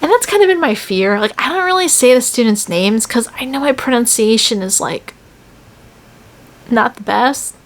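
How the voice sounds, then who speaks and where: In a casual vlog, a young woman from the U.S. tells chatty, animated stories about the year she spent teaching English in Korea, using "like" a lot. She speaks at a moderate pace in a fairly high voice.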